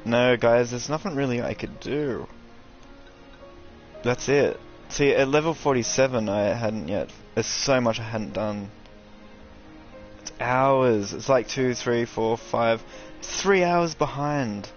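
A young man doing casual, sweary commentary over a video game, ranting and excitable. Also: medium pitch, takes it slowly, highs cut off, soft background music. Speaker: gaming streamer.

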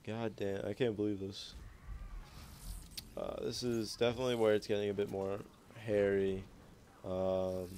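Over his gameplay clips, a young YouTuber talks in a low, slightly mellow voice, laid-back and full of profanity as he rambles along. A little hiss or hum sits under the recording.

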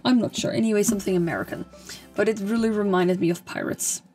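A woman's voice: mid-range voice, animated, fast, a little mellow, faint music behind. A young woman rambling through a casual voice-over of a game build, with lots of fillers and a slightly strained, fading voice. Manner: rambling, chatty, with many fillers and restarts. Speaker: gaming channel host.

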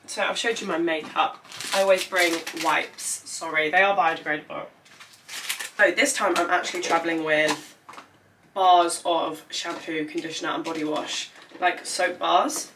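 A woman's voice: lowish voice, recorded from a distance, noisy background. A young woman chatting casually through a packing vlog, rambling with lots of fillers. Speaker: vlogger.

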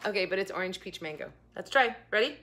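A woman's voice: mid-range voice, lively intonation, quick pace, fairly bright tone, slight background noise. A young woman chatting casually in her home kitchen as she reviews food, rambling with giggly asides. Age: young adult. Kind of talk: casual chat.

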